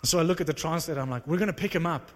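Animated male preacher in a reverberant hall. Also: on the high side, rapid-fire, noisy background. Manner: animated, conversational, self-mocking. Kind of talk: sermon storytelling. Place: large hall with live audience. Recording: long reverb of a large hall.

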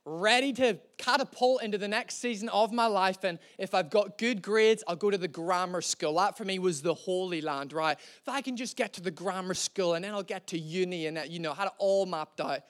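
A man preaching a sermon in a conversational, storytelling way, slowing down to stress key lines. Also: high-pitched, a bit bright.

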